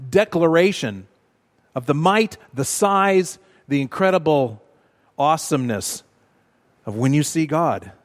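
A man preaching a sermon in a church, measured and emphatic, repeating words for stress. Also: on the high side. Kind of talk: sermon teaching. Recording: long reverb of a large hall.

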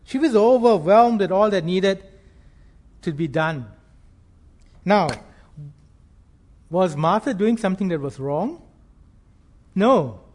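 Male preacher with a fairly high voice, earnest and measured, leaning on key phrases. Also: lively intonation, a little mellow. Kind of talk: sermon.

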